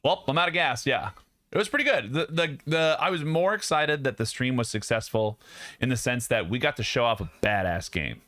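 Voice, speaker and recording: A man's voice: mid-range voice, lively intonation, brisk, sharp tone, no echo, studio quality. Joking young man hosting a stream. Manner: jokey, laughing, rambling. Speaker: streamer host. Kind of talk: casual chat with stream viewers. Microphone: studio mic.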